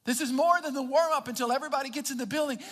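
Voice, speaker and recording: High-pitched guy pastor preaching, keeps repeating himself, echoey church hall sound. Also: rapid-fire, fairly bright tone. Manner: emphatic, repeats words and restarts phrases. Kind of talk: sermon.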